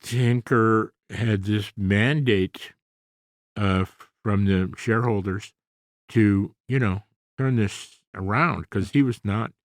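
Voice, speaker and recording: A man in his seventies with a very deep voice talks as a guest on a podcast, recorded dry and close. He rambles in an easygoing way, full of small pauses and fillers. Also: no echo. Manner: relaxed, rambling, many fillers. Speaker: guest, comedy actor. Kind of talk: conversational interview.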